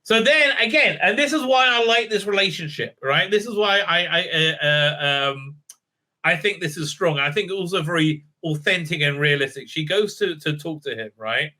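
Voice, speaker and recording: A man's voice: fairly high pitch, animated, normal speed, sharp tone. A man giving a casual spoiler recap and review of a TV episode, rambling with lots of fillers and "right?", breaking into enthusiastic praise. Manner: rambling, heavy fillers, keeps asking "right?". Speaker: TV show reviewer.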